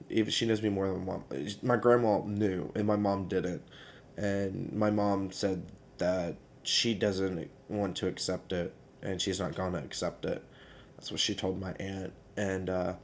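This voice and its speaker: A young man, telling a personal story in a casual vlog, hesitant and halting with many fillers. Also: low-pitched, creaky, a little mellow, a little hiss or hum. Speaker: vlogger.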